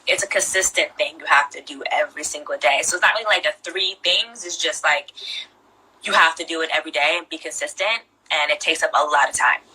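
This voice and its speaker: A woman's voice: deep voice, fairly quick, pushed and bright, slightly rough, low-quality recording. A young woman chatting as a guest in an interview, playful and self-deprecating, laughing often. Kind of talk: casual interview chat.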